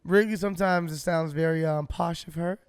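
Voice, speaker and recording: Male podcast co-host, high clear voice, animated storyteller, dry close mic. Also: fairly quick, no echo. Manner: animated, swearing, acts out his own shouts. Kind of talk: casual storytelling.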